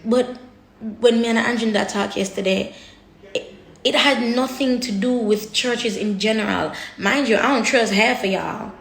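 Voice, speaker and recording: A woman's voice: a little high, normal speed, creaky. A woman vlogger talking candidly to her viewers, blunt and emotional, cursing freely and often repeating herself as she searches for words. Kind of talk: candid personal talk to camera. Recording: echoey room.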